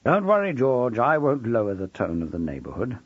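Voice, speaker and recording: A man voicing a patient, dry-humoured older head of sixth form who coaxes softly. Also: mid-range voice, wildly swooping pitch, brisk, slightly rough, no room sound, narrow, tinny audio. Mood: wry. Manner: soft-spoken, dry, coaxing.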